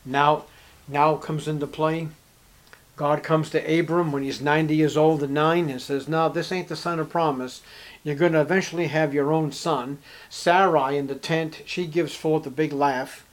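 A man's voice: fairly even intonation, normal speed. A man preaching an expository Bible sermon, reading scripture aloud and asking rhetorical questions with strong emphasis. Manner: emphatic, rising to forceful highs on key words; reads scripture in King James style, asks rhetorical questions.

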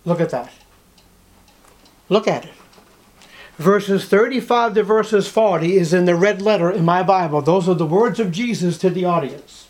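A male preacher gives a sermon in a fairly high, slightly mellow voice. He is emphatic and repetitive, relying on rhetorical questions to drive his points home.

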